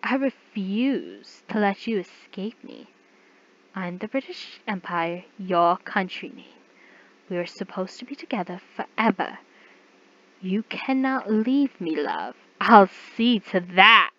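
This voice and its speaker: A woman voicing a possessive, obsessive man who is a nation personified, speaking with soft menace. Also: medium pitch, big pitch swings, slow pace, dull audio, exaggerated voice. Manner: soft-spoken and menacing, then pleading.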